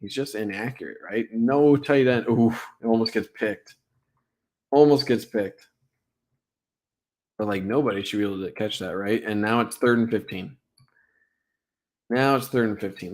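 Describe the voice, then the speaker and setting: A young man with a fairly low voice talks through football plays on a casual stream. He gets excited over big hits and packs his talk with "like" and "right?". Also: normal speed, long pauses. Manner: excitable, filler-heavy, lots of "like" and "right?". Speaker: sports streamer breaking down game film. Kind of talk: casual live-stream film breakdown.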